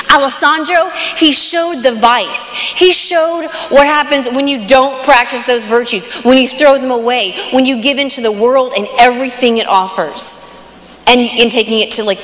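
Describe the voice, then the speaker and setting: A woman speaker gives an inspirational faith talk to a conference crowd, storytelling in a casual, filler-laced way. Her voice sits a little high. A long reverb from the large hall follows her. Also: a bit bright. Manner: casual, lots of fillers like "kind of".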